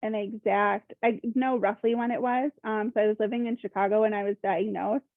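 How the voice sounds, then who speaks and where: A young Minnesota woman in a workshop shares something casual and personal, hesitating, hunting for words, and saying "like" constantly. Her medium-pitched voice is fairly even and a little fast, with no echo. The audio sounds thin and tinny, as if over a phone call.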